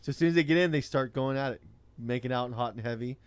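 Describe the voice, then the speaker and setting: A man's voice: mid-range voice, fast talker, clean tone, no echo. A man, telling a profane rideshare-driving story in casual chat. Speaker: rideshare driver.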